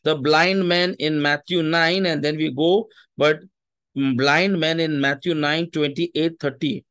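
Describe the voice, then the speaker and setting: A man's voice: on the high side, fairly even intonation, takes it slowly, fairly bright tone, smooth. A man preaching a sermon, emphatic and repeating his phrases, with Hindi asides.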